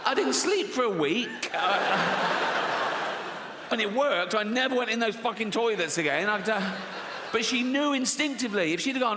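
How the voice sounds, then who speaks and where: A man's voice: extremely high pitch, animated, moderate pace, sharp tone. A man doing stand-up comedy, telling brash stories, swearing freely and laughing at his own jokes. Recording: long hall reverb, faint noise.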